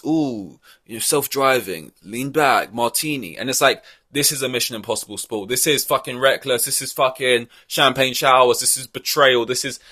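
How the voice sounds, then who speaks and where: A man's voice: medium pitch, bright, forceful tone, dry recording, clean studio sound. A man hosting a podcast, giving blunt, profane opinions in a rambling, casual way. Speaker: podcast host. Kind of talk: casual ranting podcast chat.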